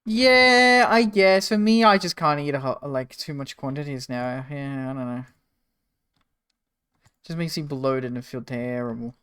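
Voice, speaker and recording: A man's voice: on the high side, measured pace, fairly bright tone, clear, resonant tone, dry recording. A man hosting a casual livestream, rambling with restarts and talking directly to his chat. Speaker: streamer.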